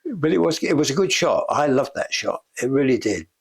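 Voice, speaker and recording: Talking briskly and very animatedly, an older man with a medium-pitched, husky voice and vocal fry recounts backstage anecdotes. He's a special effects veteran being interviewed in a shop, laughing often and acting out what others said.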